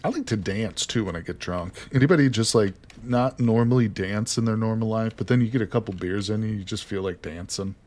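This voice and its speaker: American man, game streamer, lowish voice, joking and teasing, casual swearing, live-stream chat. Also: fairly quick, few pauses, a little mellow.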